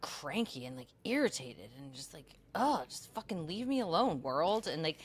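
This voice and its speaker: A woman's voice: low-pitched, sing-song, moderate pace, a little hiss or hum. A young adult woman co-hosting a podcast and coaching, chatting casually, rambling with lots of fillers and swearing freely.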